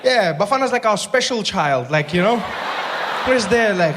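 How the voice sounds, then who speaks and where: Performing a lively stand-up set in a high register at normal speed, this South African male comic slips into character voices. It's a noisy live room recording at a comedy venue, with crowd noise and some echo.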